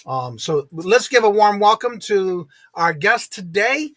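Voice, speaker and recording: A man's voice: high-pitched, big pitch swings, a little slow, a bit bright, no room sound. Chatty man greeting his viewers. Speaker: host of a live morning stream. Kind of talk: casual live-stream chat.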